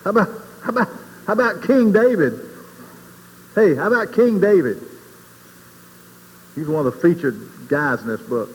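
A man preaching an informal sermon in a folksy, talkative way, his somewhat high voice leaping up and down as he puts questions to his listeners. He drops to quiet asides, then climbs high and loud for emphasis. The sound rings out in a long hall reverb over a faint hum of background noise. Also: big pitch swings, moderate pace, pauses often. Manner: folksy, conversational preaching, asks the audience questions. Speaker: speaker giving a Christian testimony.

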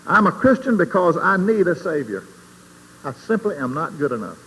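A man giving an informal sermon in a folksy, conversational way, asking the audience questions and swinging between quiet asides and loud emphasis. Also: fairly high pitch, sing-song, moderate pace, breathy edge. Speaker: speaker giving a Christian testimony. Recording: long hall reverb, faint background noise.

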